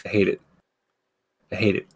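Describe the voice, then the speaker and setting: Ranting, foul-mouthed podcast host man. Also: moderate pace. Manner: profane, ranting, lots of filler words. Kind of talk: casual gaming podcast chat. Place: streaming setup.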